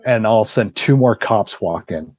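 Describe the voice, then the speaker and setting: Lower-voiced man telling a story. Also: a little fast, dry recording, low-quality recording. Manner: lively storyteller acting out quoted dialogue, swears freely. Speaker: podcast guest. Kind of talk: casual storytelling.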